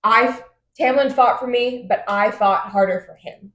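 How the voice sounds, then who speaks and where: A woman's voice: fairly high pitch, fairly bright tone. Chatty woman on a book podcast, giggly and sweary, echoey room. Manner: giggly, swearing, retelling scenes in quick voices. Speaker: podcast co-host. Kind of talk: casual book chat recap.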